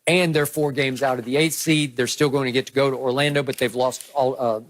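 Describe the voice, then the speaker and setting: A man's voice: mid-range voice, steady tone, a little fast. A man hosting a sports debate show, laying out stats and history and pressing his co-host with questions. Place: TV studio.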